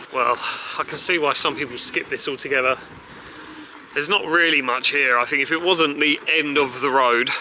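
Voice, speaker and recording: A man chatting casually and excitedly to camera as a travel vlogger, driving and walking about. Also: on the high side, slight background noise, rough recording. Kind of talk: casual travel vlog chat. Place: in a car and outdoors.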